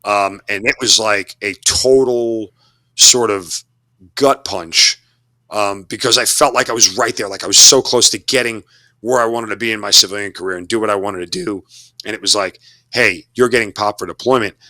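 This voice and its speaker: Talkative man with a bright, dry voice. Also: fairly low pitch, fairly even intonation, moderate pace, no echo. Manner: talkative, earnest, repeats words while searching. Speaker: guest, army officer and broadcaster. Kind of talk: casual interview storytelling. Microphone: studio mic.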